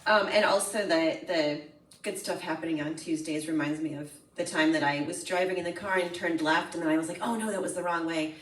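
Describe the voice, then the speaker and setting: A woman hosting a live storytelling event, thanking performers in a relaxed, chatty way. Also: low voice, brisk. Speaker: event host. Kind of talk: live emcee remarks. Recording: roomy hall, distant mic, crowd noise.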